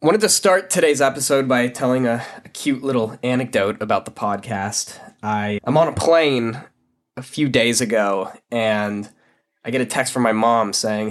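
A man's voice: mid-range voice, moderate pace. A man hosting his own podcast, talking casually and candidly in a blunt, frank way that is laced with swearing. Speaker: podcast host. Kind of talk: casual solo podcast monologue.

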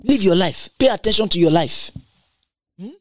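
A preacher delivering a sermon, emphatic and repetitive, with big leaps up and down in pitch and bursts of tongues. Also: expressive, normal speed, dry recording.

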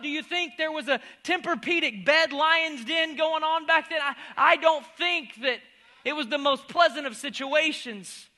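Guy preaching w a really high sharp voice, jokey, goes from loud to almost whispering. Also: animated, normal speed. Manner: humorous, swings from loud exclamations to near-whispers. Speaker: pastor. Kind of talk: sermon.

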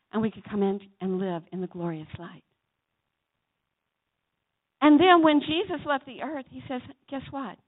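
Her voice in the mid range, a woman preacher gives a sermon in a church chapel, moving between loud calls and softer asides and prompting the congregation to reply. It's captured with tinny, phone-like sound.

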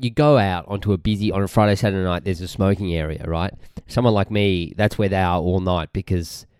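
A man's voice: low voice, a little mellow, clean tone, no room sound, clean studio sound. A young Australian man hosting a podcast, ranting casually in a rambling, irritated, sweary way and often trailing off mid-sentence. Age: young adult. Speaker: podcast host.

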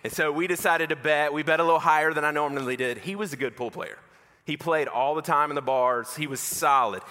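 A man delivers a sermon as a lively, self-mocking storyteller. His voice sits a bit high and rings bright and forceful. The long reverb of a big hall trails behind every phrase. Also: a little fast. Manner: animated, self-mocking storyteller who acts out dialogue. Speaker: pastor.

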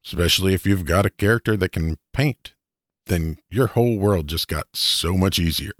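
Man, deep pitch, dry sound, easygoing podcast co-host explaining things. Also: moderate pace, fairly bright tone, no room sound. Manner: explains ideas step by step, easygoing. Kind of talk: casual podcast banter.

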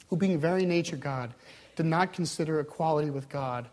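A male pastor delivering a sermon, swinging between loud, urgent passages and hushed, intense ones. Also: on the high side, brisk.

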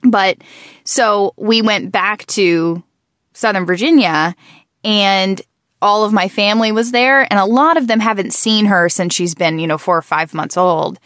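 A woman in her thirties with a groggy morning voice chats casually, rambling and often restarting and correcting herself. Her voice is mid-range and a bit bright, a little slow, recorded in studio quality with no echo.

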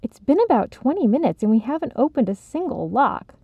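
A woman voicing a bossy, excitable young woman who cuts in sharply, in a storybook reading. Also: high voice, a little fast, slightly rough, no echo, voice pushed up, full character voice. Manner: sharp, commanding. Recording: slightly dull, dry recording.

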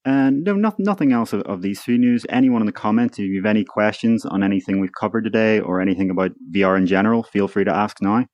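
A man's voice: on the low side, fast, hardly any pauses, a little mellow, no room sound, muffled recording. A man co-hosting a live tech news stream, explaining his views and asking pointed questions. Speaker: co-host of a VR news livestream. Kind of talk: casual livestream chat.

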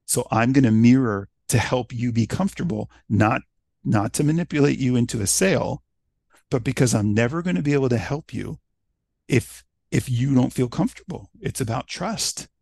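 A man in casual conversation about sales, talking in an animated way and acting out little quoted exchanges. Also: mid-range voice, moderate pace, vocal fry, no room sound. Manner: animated storytelling, acts out quoted voices.

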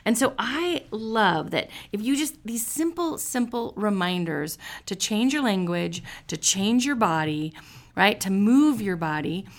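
A woman's voice: medium pitch, lively intonation, unhurried. A woman hosting a podcast, chatting in an upbeat, encouraging way and giggling now and then. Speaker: podcast host. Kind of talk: casual motivational podcast chat.

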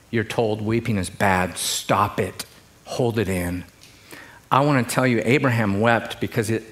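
A middle-aged pastor, preaching a sermon to a congregation in a conversational, joking way. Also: male voice, mid-range voice, a bit bright. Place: church in front of a congregation.

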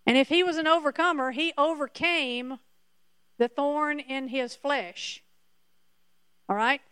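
A woman's voice: high-pitched, a little slow, pauses often, a bit bright, no echo, clean studio sound. A woman preacher giving a sermon emphatically, repeating her points to the congregation.

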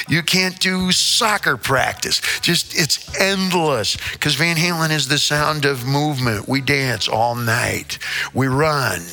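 A rock singer in his sixties tells stories in a casual interview, his voice a little high and sharp-toned. He delivers them with theatrical flair, playful wordplay and the occasional swear word.

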